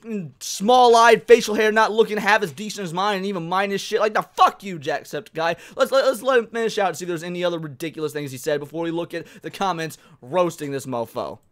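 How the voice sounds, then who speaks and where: Male commentary ranter, high-pitched, profane, stammers on repeats. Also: fast talker, hardly any pauses, a bit bright. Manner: ranting, profane, repeats words when worked up. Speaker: commentary YouTuber. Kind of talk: reaction commentary.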